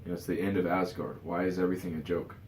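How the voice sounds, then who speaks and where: A man's voice: sits low, little pitch movement, racing, darkish tone, roomy sound, slight background noise. A tired man giving his casual opinions in a rambling vlog, full of fillers and restarts. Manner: rambling, many "you know" fillers and restarts. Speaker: vlogger.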